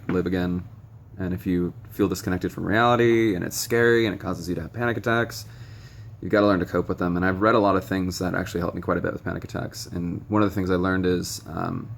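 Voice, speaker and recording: Low gravelly young man, rambling frankly. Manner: frank and rambling, many ums, blunt swearing. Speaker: vlogger sharing recovery advice. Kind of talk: casual direct-to-camera monologue. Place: noisy room with stray tapping and beeping.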